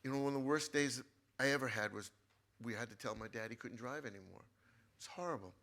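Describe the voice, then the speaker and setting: Male guest author, casual storyteller, bright timbre, lively delivery with restarts. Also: medium pitch, brisk, gravelly. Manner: animated storyteller with frequent restarts. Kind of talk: casual anecdote telling.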